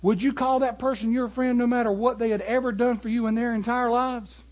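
A man preaching a sermon, animated and building to emphatic peaks. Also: extremely high pitch, brisk, highs cut off.

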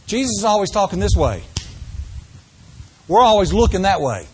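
A man preaching a sermon to a congregation, asking them questions and shifting between slow, drawn-out phrases and quick runs. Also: sits high, sing-song, husky. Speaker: pastor.

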